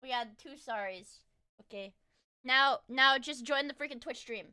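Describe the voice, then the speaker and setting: Bright high-voiced woman streamer chatting. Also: a little slow, smooth. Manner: excitable, rambling, apologetic to viewers. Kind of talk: casual live-stream reaction chat.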